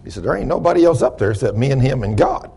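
A man's voice: medium pitch, animated, fast talker, vocal fry, breathy edge. A middle-aged man, preaching and telling a long story in a sermon. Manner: shouts praise, then drops to quiet storytelling. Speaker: pastor.

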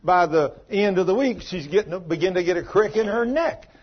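A pastor with a high, husky, animated voice preaches at a moderate pace in a small church, though the recording is muffled. He's a folksy storyteller who acts out the voices of the people in his stories.

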